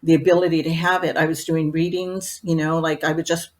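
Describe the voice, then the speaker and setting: A middle-aged woman with a lowish, slightly deep voice talks through her experiences as a guest on an interview show. Her telling is loose and rambling, a run of casual asides strung together with "you know.". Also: flat delivery, brisk, a little mellow. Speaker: medium, podcast guest.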